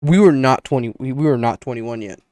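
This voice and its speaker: On a podcast, a young co-host of medium pitch rambles through a long story in casual chat, switching into his friends' voices for their lines. He talks briskly in a slightly mellow tone, and the recording is dry and close with no echo or room sound.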